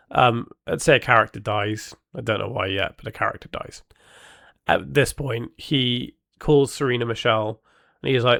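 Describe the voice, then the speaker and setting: A man hosting a podcast in casual solo talk, thinking aloud with many pauses and restarts. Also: medium pitch, gravelly, fairly bright tone, no echo, studio quality. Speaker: podcast host.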